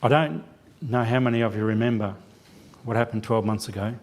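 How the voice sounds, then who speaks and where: A man's voice: medium pitch, brisk. A man giving a church sermon as a lay preacher, telling a self-deprecating personal story with quoted dialogue. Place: church sanctuary.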